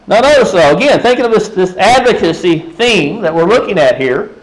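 A man's voice: high voice, lively intonation, brisk, poor audio. A man preaching a sermon in a conversational way, often turning to the congregation with rhetorical questions. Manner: frequent restarts and fillers.

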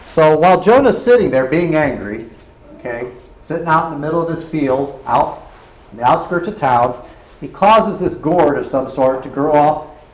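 A man's voice: fairly high pitch, animated, normal speed, darkish tone. A man preaching a sermon earnestly, often checking in with his listeners, in a roomy church hall. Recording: roomy hall echo, faint noise.

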